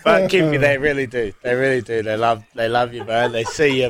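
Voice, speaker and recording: A man's voice: medium pitch, a little fast, few pauses, noisy background. A man hosting a casual radio sports show, laid-back and chatty.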